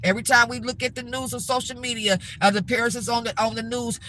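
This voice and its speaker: A woman's voice: fairly high pitch, fairly even intonation, fast, few pauses, pushed and bright, a little hiss or hum, low-quality recording. Middle-aged woman vlogger, piercing edgy tone, heated blunt rant recorded on a phone in a car. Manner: emphatic, repetitive, blunt and heated. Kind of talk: ranting to-camera vlog.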